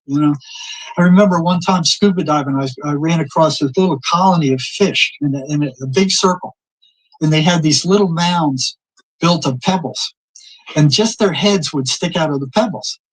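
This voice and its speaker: A man's voice: on the high side, normal speed, poor audio. An older man telling long personal stories in casual conversation, often repeating words and acting out what people said. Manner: rambling anecdotes, repeats words, acts out quoted exchanges. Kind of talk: casual storytelling.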